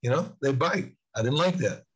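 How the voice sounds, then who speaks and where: An older man telling stories earnestly as a guest in an interview, with emphatic, drawn-out stresses on key points. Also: medium pitch, animated, slightly rough, low-quality recording. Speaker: guest on spiritual warfare. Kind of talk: storytelling in casual interview.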